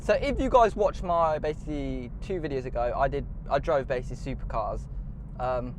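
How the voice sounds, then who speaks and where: A man's voice: mid-range voice, fairly quick, over music. A young man vlogging casually from his car, chatty and swearing freely as he talks to his viewers. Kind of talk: casual vlog while driving. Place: inside a car. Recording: clear car and road noise. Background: car and road noise.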